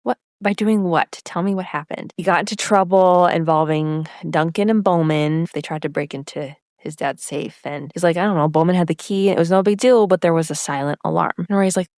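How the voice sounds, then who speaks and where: A woman's voice: on the low side, brisk, few pauses, darkish tone, no room sound. Chatty woman recapping scenes, dry close sound. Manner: retells scenes, briefly acting out each character's lines. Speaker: podcast co-host recapping episodes. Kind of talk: casual chat.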